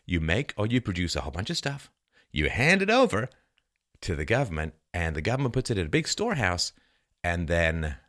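Man, podcast host, sarcastic and theatrical, bright and very animated delivery. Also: fairly low pitch. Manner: sarcastic, theatrical, reads quotes dramatically. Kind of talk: sarcastic history monologue.

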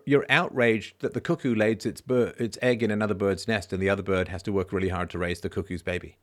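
A show host in his fifties runs a live show in a sarcastic, animated manner, his lowish voice moving briskly with few pauses. He shifts from quiet asides to loud, emphatic outbursts and repeatedly asks "right?"

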